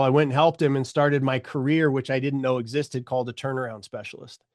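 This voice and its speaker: A middle-aged man telling his story as a podcast guest, animated, acting out the voices of people he quotes. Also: mid-range voice, a little fast, dry recording, clean studio sound.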